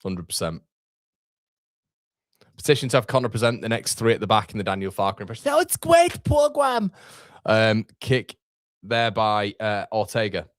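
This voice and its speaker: Young guy hosting a footy watchalong, deep-ish voice, swears a lot, reads chat. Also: moderate pace, pauses often, no room sound, clean studio sound. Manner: excitable, swears, chats to viewers. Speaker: football watchalong host. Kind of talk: live match reaction.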